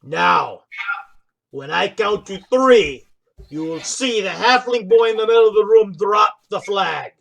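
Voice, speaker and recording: A man voicing a stern, grand male arena announcer who addresses a crowd slowly. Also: sits high, expressive, creaky, full character voice. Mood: proclaiming. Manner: slow proclaiming delivery, shouting to a crowd.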